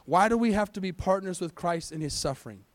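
A man delivers a sermon in a church, his voice sitting high for a man. He presses his congregation with questions and calls for an answering amen. The sound is dry and close, with little room around it. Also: animated, fairly quick, no room sound. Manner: preaching with rhetorical questions and call-and-response. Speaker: pastor. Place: church sanctuary.

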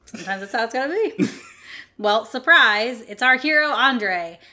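A woman's voice: a little high, lively intonation, moderate pace, sharp tone. A woman co-hosting a podcast, recapping a comic in casual chat and teasing her co-host. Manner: playful, teasing, breaks into laughter.

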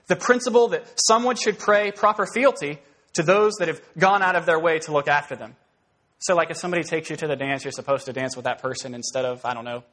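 A man preaching an expository sermon in a conversational, animated way, rising into emphatic bursts. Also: a little high. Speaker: pastor.

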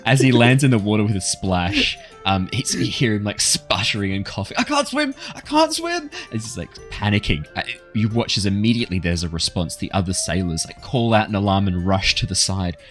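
A man narrating as game master in a tabletop game, relaxed and rambling, with fillers. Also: fairly low pitch, brisk, hardly any pauses, soft background music.

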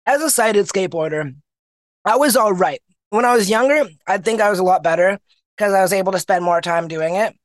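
A young man from Canada with a notably high voice tells stories as a podcast guest, acting out the people he quotes. The recording is dry and close, with no room sound. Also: a little fast, no echo. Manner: animated storyteller, acts out quoted people. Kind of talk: casual interview chat.

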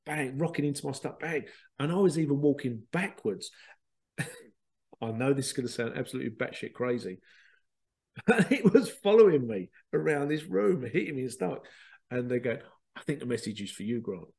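A man, a spiritual medium hosting a show, telling stories in a chatty, animated way with laughter and the odd swear. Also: medium pitch, moderate pace, creaky. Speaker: spiritual medium and podcast host. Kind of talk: casual storytelling.

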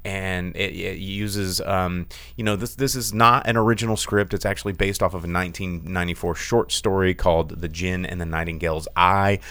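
A man hosting a casual film review show, talking with lots of fillers, restarts and big swoops in pitch. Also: fairly even intonation, moderate pace, few pauses, a bit bright, dry recording. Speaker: film review podcast host.

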